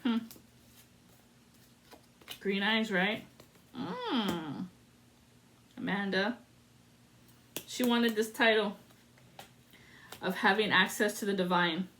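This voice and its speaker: A woman's voice: medium pitch, expressive, slow pace, long pauses, bright, forceful tone, slight background noise. A woman giving a solo spiritual card reading to camera, dramatic and sassy, with salty asides. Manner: dramatic and sassy, swearing and breaking into sung lines. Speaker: tarot reader.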